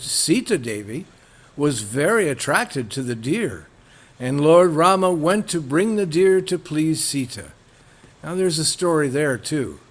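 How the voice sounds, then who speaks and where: A man giving a storytelling religious lecture, halting with fillers and acting out characters. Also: a little high, fairly bright tone.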